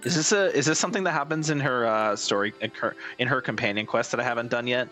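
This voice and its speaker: A man chats casually while streaming a game, rambling with plenty of fillers and dry asides. His voice sits at a middle pitch. Faint game music runs underneath. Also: fast, bright, forceful tone. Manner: rambling, filler-heavy, wry. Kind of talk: casual gaming commentary.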